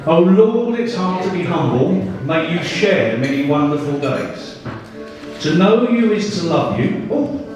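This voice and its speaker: An older man gives a father-of-the-bride speech in a large wedding reception hall, his slightly high, darkish voice expressive and unhurried. Emotional, joking, and self-deprecating, he ends by leading a sing-along over soft background music. The audio is echoey, captured from far off.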